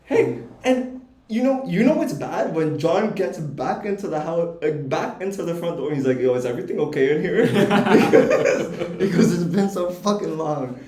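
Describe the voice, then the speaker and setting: Young male podcast co-host, lively and foul-mouthed, slightly higher voice, echoey room. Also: moderate pace. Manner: animated, profane, laughs while telling stories. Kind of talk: casual storytelling chat.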